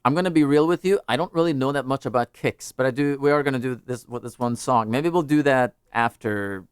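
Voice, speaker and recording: Man, live stream host, casual chat, rambling and joking, smooth clear voice, dry close sound. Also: mid-range voice, brisk, no echo. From United States. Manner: rambling, self-interrupting, joking.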